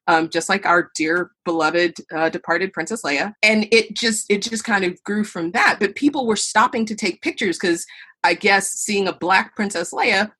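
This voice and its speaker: A woman's voice: medium pitch, normal speed. A middle-aged woman, a podcast guest and burlesque performer, telling stories in an interview and acting out the voices of people she quotes. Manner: animated storyteller, acts out quoted voices. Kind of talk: storytelling interview answers.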